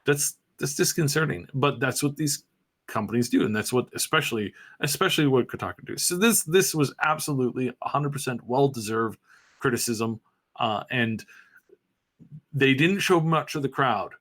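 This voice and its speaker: A man hosting a podcast, talking in a rambling, animated way with frequent restarts and fillers. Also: mid-range voice, normal speed. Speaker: podcast host. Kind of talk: casual podcast commentary.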